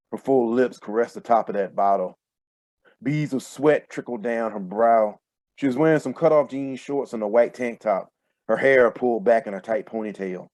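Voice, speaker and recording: A man reading his own first-person fiction aloud in a steady, measured way over a video call. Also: medium pitch, no echo. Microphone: computer mic on a video call.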